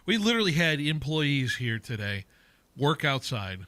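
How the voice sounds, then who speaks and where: A man's voice: a little high, sing-song, moderate pace, fairly bright tone, a little hiss or hum. A man hosting a sports radio show, talking casually and rambling, often breaking off and restarting his sentences in the studio. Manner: chatty, rambling, self-interrupting.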